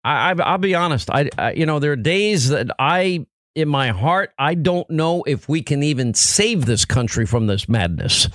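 A man's voice: a little high, expressive, moderate pace, fairly bright tone, dry recording. A middle-aged man hosting a political talk radio show, speaking in an impassioned, emphatic way.

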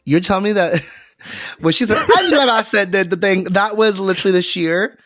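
Sassy cohost guy, slightly high voice, dry close mic, lots of slang. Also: brisk, fairly bright tone, no echo. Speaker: podcast co-host. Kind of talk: casual chat.

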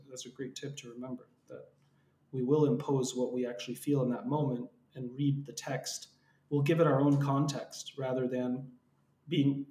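A man hosting a podcast, talking in a measured, reflective way with occasional filler words. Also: medium pitch, a little mellow. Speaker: podcast host. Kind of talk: conversational podcast discussion. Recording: roomy echo.

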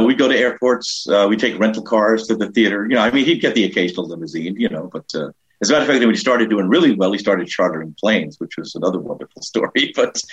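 A middle-aged man, a comedian being interviewed, telling lively anecdotes and jumping up in pitch to mimic the people he quotes. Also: slightly rough. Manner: animated anecdotes, jumps high to act out quoted people. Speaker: comedian and author, guest. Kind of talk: casual storytelling interview. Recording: dull lo-fi sound.

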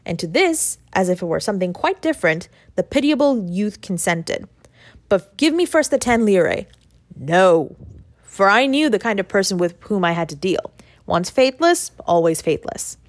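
A woman narrating a classic short story as an audiobook, in a measured, even reading. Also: medium pitch, no room sound. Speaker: audiobook reader.

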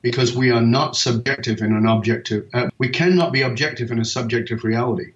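A man who works as a purpose coach, talking in a relaxed podcast conversation and telling stories with emphasis and casual swearing. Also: medium pitch, fairly quick. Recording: echoey, slightly dull sound.

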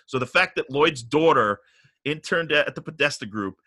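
A middle-aged man casually telling a long story on a podcast, animated and profane, getting riled up as he goes. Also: on the high side, normal speed, dry recording.

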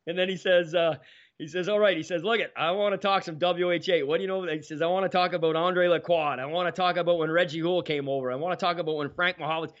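A man, a podcast guest telling stories in a lively way and acting out the dialogue. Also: on the high side, quick pace. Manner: animated, acts out quoted dialogue. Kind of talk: casual storytelling. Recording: dull lo-fi sound.

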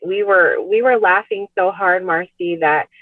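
A middle-aged woman shares a painful memory as a podcast guest. She talks earnestly and haltingly, doubles back on her words, and laughs nervously in places. Her voice comes through a tinny phone-line call, dry, with no room sound around it. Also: fairly low pitch, dry recording. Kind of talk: personal storytelling in conversation. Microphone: remote call.

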